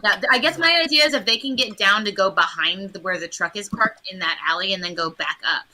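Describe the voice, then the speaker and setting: A woman's voice: mid-range voice, quick pace, bright, forceful tone, slight background noise, poor audio. A woman playing a tabletop game, hesitantly asking questions and restarting her sentences. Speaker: player.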